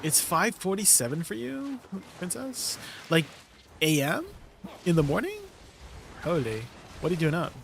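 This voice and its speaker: Streaming a game live, this young man talks in a high-pitched, sing-song, creaky voice, keeping a measured pace and pausing often. He reads viewers' chat and jokes around with it, quick to laugh, with noise in the background.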